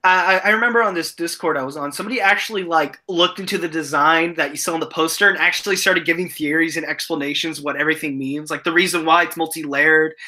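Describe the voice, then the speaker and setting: A woman's voice: low-pitched, quick pace, few pauses, sharp tone. A woman co-hosting a casual live stream, rambling with many restarts. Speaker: guest co-host.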